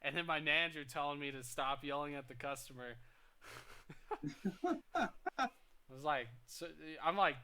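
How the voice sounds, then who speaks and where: A young man co-hosting a podcast, telling work stories in casual chat, getting loud and animated when he quotes people. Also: on the high side, a little slow, pauses often. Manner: animated, rises loud when quoting people, stammers restarts. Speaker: podcast co-host.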